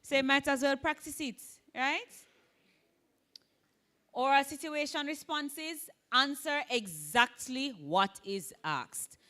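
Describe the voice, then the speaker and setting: Jamaican woman, Spanish teacher, bright and tense-edged voice, exam-prep lecture, keeps asking "right?". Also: high-pitched. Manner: frequent "right?" checks, lively emphasis, models Spanish words slowly.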